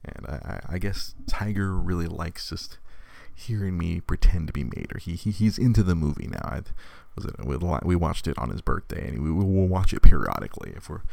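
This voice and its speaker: A man in his thirties talks casually at home into a phone camera, low and gravelly, with a dry close sound. He rambles, repeats words and laughs often as he goes, and his voice rises and falls a lot. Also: a little fast, hardly any pauses, a little mellow, no echo. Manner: rambling and stammering, with frequent laughs. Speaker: father streaming live. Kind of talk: casual live-stream chat.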